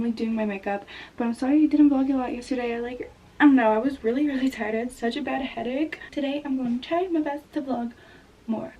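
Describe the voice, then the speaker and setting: Bubbly high-voiced young woman vlogging. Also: mellow, dull audio. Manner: bubbly, chatty, laughs often, lots of "like". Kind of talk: casual vlog chat to camera. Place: hotel room and rented house, indoors. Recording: noisy room ambience.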